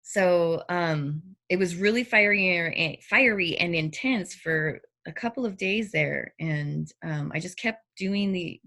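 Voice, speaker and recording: Woman, middle-aged, casual chat, animated storytelling, bright tone, lowish pitch. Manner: animated, acts out her own reactions in quotes. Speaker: storyteller in a personal conversation.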